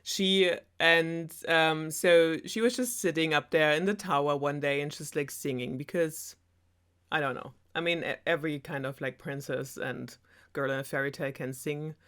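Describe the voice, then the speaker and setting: A woman's voice: sits low, steady tone, moderate pace, a bit bright, smooth. A German woman, a non-native English speaker, retelling a fairy tale in a sarcastic, chatty way with laughing asides. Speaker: storyteller host.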